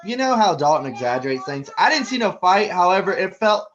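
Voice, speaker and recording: A man's voice: sits high, big pitch swings, fairly quick, fairly bright tone, lo-fi sound, a little hiss or hum. A man guest in a casual podcast chat, telling stories animatedly and acting out crowd voices.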